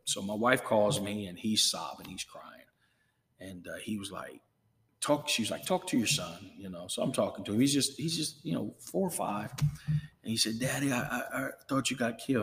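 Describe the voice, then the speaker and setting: A low-pitched middle-aged man speaks earnestly, sliding from easy chat into a preacher's cadence and doubling back on words. His voice carries a long reverb, as if the room were large and bare. He sounds like a pastor sharing his heart with a podcast host. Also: fairly bright tone. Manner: earnest, emphatic, repeats words when stirred. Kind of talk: casual chat drifting into preaching.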